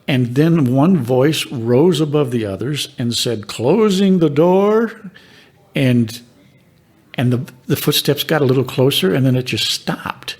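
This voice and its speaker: An older man tells his ghost stories in a calm, measured way. He takes his time and lets dramatic pauses hang between the beats. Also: medium pitch, slightly rough, no room sound. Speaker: paranormal investigator and reverend. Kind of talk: storytelling.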